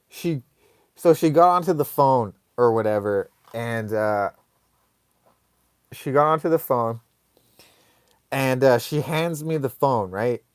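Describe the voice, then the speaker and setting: Slow-talking man telling a rambling story. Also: mid-range voice, clear, resonant tone, no room sound, clean studio sound. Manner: rambling, animated, many fillers and laughs. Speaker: host of a live online show. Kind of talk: casual comic storytelling.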